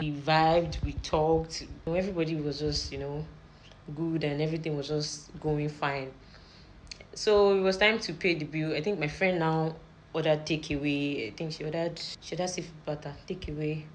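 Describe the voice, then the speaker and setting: A young Nigerian woman with a Nigerian accent telling a rambling, animated story in casual storytime style. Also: sits low, a little hiss or hum, low-quality recording. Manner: rambling, animated retelling with repeated phrases.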